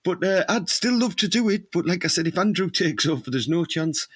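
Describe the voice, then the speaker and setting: High-voiced man, crude banter. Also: expressive, brisk, breathy edge, no echo. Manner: blunt, laddish, rambling. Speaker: podcast co-host.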